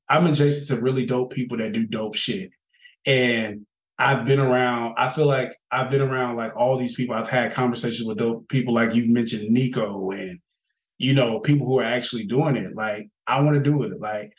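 A young man from North Carolina with a Southern accent, a podcast guest talking in a relaxed, rambling, slangy way. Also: mid-range voice. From Charlotte, North Carolina. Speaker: guest, background actor and photographer. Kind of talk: casual podcast interview. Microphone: phone call. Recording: roomy phone call.

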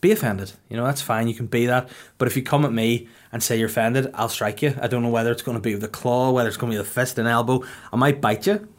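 A man, hosting a casual podcast chat with dry, deadpan banter. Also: mid-range voice, fast. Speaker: podcast host.

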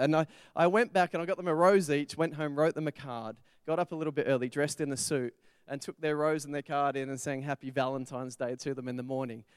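A man's voice: a little high, clear, resonant tone, dry recording, studio quality. A middle-aged man, preaching a sermon in church in a conversational way with personal stories. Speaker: pastor.

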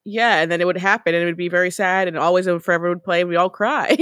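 A woman's voice: on the low side, quick pace, fairly bright tone, no echo, clean studio sound. A woman co-hosting a podcast, chatting casually about a TV show with wry, sarcastic asides. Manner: wry, sarcastic asides, laughs at her own jokes. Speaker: podcast co-host.

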